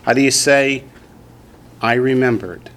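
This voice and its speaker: A man with a Southern US accent teaching a language class in a classroom, drilling students slowly and patiently. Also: medium pitch, a bit bright, slight background noise. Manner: slow, patient drilling with repetition. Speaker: Hebrew teacher.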